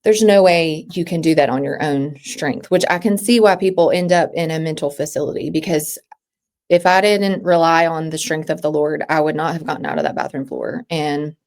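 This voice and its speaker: A woman in her thirties with a slightly low voice speaks as a podcast guest. Her talk is halting, full of restarts and sentences that trail off. The tone is that of a personal interview. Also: a little mellow.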